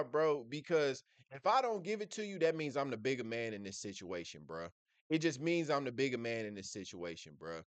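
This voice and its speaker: A man's voice: on the high side, no room sound. Blunt, profane man riffing on a clip. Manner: blunt, profane street slang, repeats "bruh". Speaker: reaction video host. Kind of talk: casual commentary reacting to a clip.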